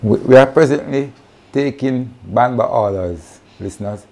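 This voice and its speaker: A man's voice: mid-range voice, measured pace, a little mellow. A man presenting at an online farming session, speaking earnestly and directly to farmers. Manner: earnest, addresses farmers directly, self-corrects. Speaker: agronomy presenter.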